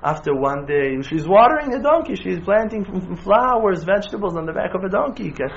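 A rabbi gives an impassioned sermon in non-native English full of Hebrew terms, speaking a little fast with vocal fry. He moves from hushed storytelling to loud, rising exhortation. The recording is dull and lo-fi with faint noise.

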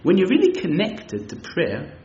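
A man's voice: high-pitched, huge pitch swings, moderate pace, mellow, slight background noise. A man teaching as a rabbi, giving an emphatic sermon with storytelling and many Yiddish and Hebrew terms. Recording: echoey, slightly muffled room recording.

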